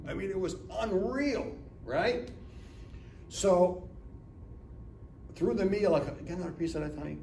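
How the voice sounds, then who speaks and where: A man's voice: high voice, lively intonation, normal speed, creaky, pauses often, a little mellow, a little hiss or hum. A man in his seventies from Northeast Ohio gives a business talk as a chatty storyteller, acting out dialogue and often asking "right?". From Northeast Ohio, USA. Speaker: guest speaker at a business lunch talk. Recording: echoey room, mic from far off.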